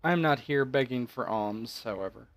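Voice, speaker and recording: A man's voice: medium pitch, animated, moderate pace, no echo, faint music behind, close to an everyday voice. A man voicing a stern, proud middle-aged knight who speaks formally and defensively. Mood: stiff.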